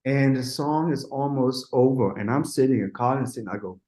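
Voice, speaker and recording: A middle-aged man, a music producer, telling anecdotes in a lively, casual way, acting out what people said and swearing freely. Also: medium pitch, moderate pace, reverberant, rough recording. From Denmark. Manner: animated, acts out quotes, swears freely.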